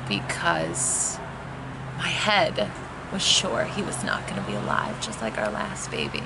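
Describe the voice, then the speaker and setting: Woman, low pitch, gravelly, candid personal storytelling, noisy background. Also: sing-song, takes it slowly. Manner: candid, emotional, conversational with fillers. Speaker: vlogger telling her birth story.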